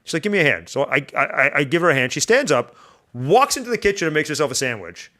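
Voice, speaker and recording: Animated, quick-talking man guest. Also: on the high side. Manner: animated storyteller, jumps into funny voices. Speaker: podcast guest. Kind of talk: casual chat.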